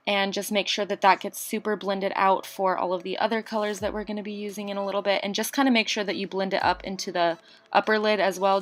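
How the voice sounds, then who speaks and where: A young woman recording a casual voiceover for a makeup tutorial, chatty and rushed, a little out of breath and tongue-tied. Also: medium pitch. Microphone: home voiceover mic.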